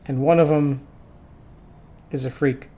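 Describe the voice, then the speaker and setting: A man's voice: mid-range voice, steady tone, slow, warm tone. A man streaming a video game, chatting casually and jokingly while swearing freely. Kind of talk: gaming livestream commentary.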